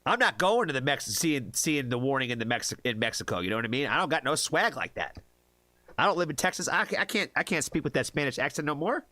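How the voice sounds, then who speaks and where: A man's voice: mid-range voice, lively intonation, fast, bright, forceful tone, no echo. A man from the United States hosting a casual livestream, chatty, laughing often and tripping over hard names. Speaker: livestream reaction host.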